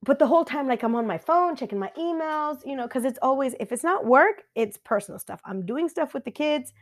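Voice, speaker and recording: A woman in her thirties, a mother, giving a casual chatty life update and telling stories with quick quoted asides. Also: high voice. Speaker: vlogger.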